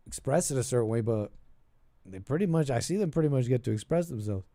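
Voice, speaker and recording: A man's voice: mid-range voice, animated, moderate pace, warm tone, no echo. A man hosting a call-in show, giving casual political commentary in a rambling way, restarting his sentences and trailing off into asides.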